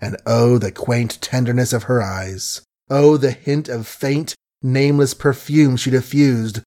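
A man narrating a novel in an even, unhurried literary reading. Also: mid-range voice. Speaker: audiobook narrator. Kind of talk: scripted narration.

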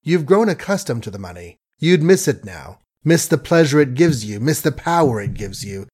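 A man's voice: mid-range voice, sing-song, moderate pace, darkish tone, breathy edge. A man reading an earnest, honorable young man. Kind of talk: audiobook character reading.

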